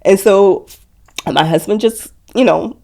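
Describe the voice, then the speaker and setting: A young woman telling her story as a guest in an interview, speaking softly with many fillers and quoted dialogue. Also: mid-range voice, slow pace. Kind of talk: emotional personal interview.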